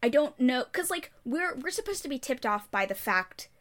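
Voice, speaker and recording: A woman's voice: high voice, very animated, normal speed, fairly bright tone. A woman co-hosting a book-club podcast in casual chat, walking through a story summary and firmly explaining her view. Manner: summarizes at length, then pushes back firmly in debate. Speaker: podcast co-host.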